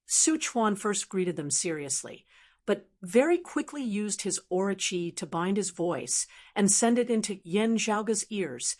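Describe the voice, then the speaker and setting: A woman narrating a fantasy audiobook in a steady, even reading voice. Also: mid-range voice, unhurried. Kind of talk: scripted narration.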